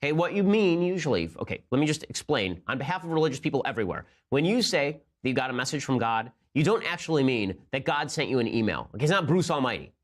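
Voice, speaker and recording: A man's voice: mid-range voice, very animated, fast, hardly any pauses. A man delivering a combative, sarcastic political monologue as host of the show. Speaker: political commentator. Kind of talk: fast opinion monologue.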